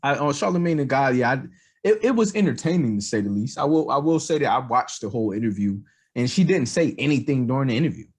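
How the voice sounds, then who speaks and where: A man's voice: mid-range voice, lively intonation, fast talker, darkish tone, slightly rough. A man co-hosting a podcast, talking casually and rambling, with lots of fillers. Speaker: podcast co-host. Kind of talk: casual political chat.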